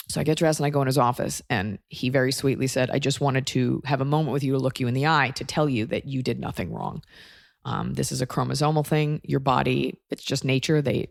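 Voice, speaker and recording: A woman's voice: deep voice, creaky, no room sound, clean studio sound. A woman hosting a podcast, telling a personal story in a wry, conversational way and acting out what others said. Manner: wry, conversational, acts out quoted voices. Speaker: podcast host. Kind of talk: comedic storytelling monologue.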